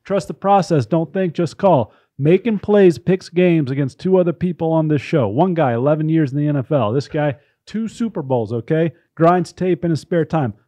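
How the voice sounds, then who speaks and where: A man with a high voice co-hosting a sports podcast. He rattles off a parody sales pitch with brash huckster swagger, selling hard with comic confidence. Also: mellow. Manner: fast-talking huckster bravado. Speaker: podcast co-host. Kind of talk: mock infomercial pitch, casual chat.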